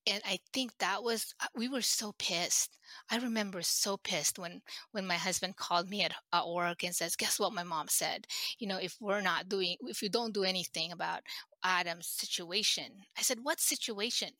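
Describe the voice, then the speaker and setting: Middle-aged woman guest, halting and emotional, bright voice. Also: medium pitch, dry recording. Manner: halting, emotional, many restarts. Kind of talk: personal storytelling in an interview.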